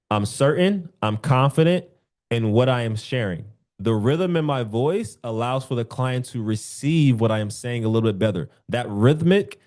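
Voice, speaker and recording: A young male sales coach talks to his agents on a group call. He is animated and acts out little phone scripts to make his points, his voice sitting in an ordinary middle register. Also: mid-range voice.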